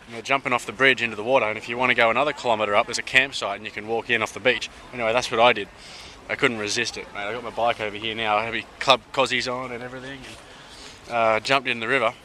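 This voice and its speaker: An Australian man talks to the camera on a travel vlog, loose and slangy. His voice is bright and clear at a mid pitch, recorded outdoors by a river. A faint wash of city and traffic noise sits behind him. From Sydney, Australia. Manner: chatty and upbeat, with slangy asides. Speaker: travel vlogger. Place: outdoors by a river on a hot day.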